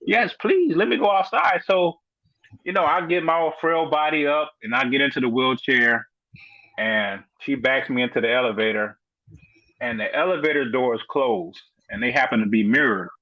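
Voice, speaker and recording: A middle-aged man, a podcast guest, telling his story in a casual, animated way, filling it with "you know" and acted-out quotes. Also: medium pitch, normal speed, no echo, muffled recording.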